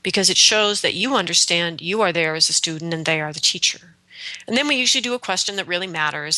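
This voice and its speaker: A woman hosting a radio show on shamanic practice, speaking slowly and earnestly in a reflective spiritual talk. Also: fairly low pitch, bright, forceful tone, no echo. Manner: slow, deliberate and earnest.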